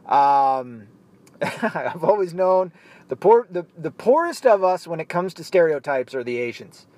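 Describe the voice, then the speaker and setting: A blunt, heated man delivers a profane solo rant in a fairly high voice. The recording is dry and close, with no room sound. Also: very animated, unhurried, a little mellow, no echo. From United States.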